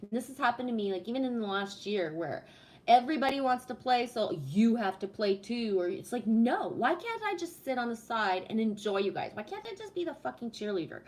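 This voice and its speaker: Middle-aged canadian lady on a livestream, swears a lot, kinda high voice, tells stories super animated. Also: brisk. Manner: animated storytelling with heavy swearing. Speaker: livestream host. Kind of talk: casual livestream chat.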